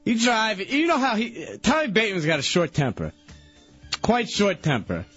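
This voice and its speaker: A husky, fairly high male voice that swoops all over as he rambles through an excitable story on a radio show, stumbling and restarting. The sound is dry and a bit dull, like a lo-fi broadcast. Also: normal speed, dry recording, faint music behind.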